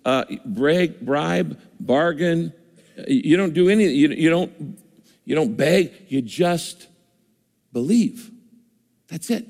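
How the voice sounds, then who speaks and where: A man's voice: on the high side, animated, measured pace, vocal fry, pauses often, darkish tone. A man preaching a sermon as pastor, earnest, repeating words for emphasis. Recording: echoey hall reverb.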